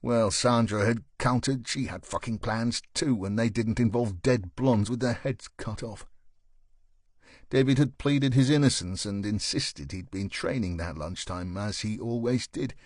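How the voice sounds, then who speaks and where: Guy reading a mystery audiobook, steady and measured, dry close mic. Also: on the low side, no echo. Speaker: audiobook narrator. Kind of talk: scripted audiobook narration.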